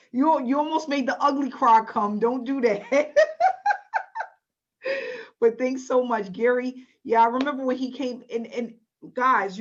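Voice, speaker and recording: A woman hosting an online webinar, upbeat and encouraging with her audience. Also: a little high. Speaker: webinar host. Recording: dull lo-fi webinar audio.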